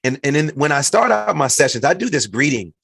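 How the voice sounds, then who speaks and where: A middle-aged man from the United States hosting a podcast, talking in a lively way and acting out what others said. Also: a little high, a little fast, gravelly, husky, no echo, studio quality. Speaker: podcast host. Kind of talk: casual conversation.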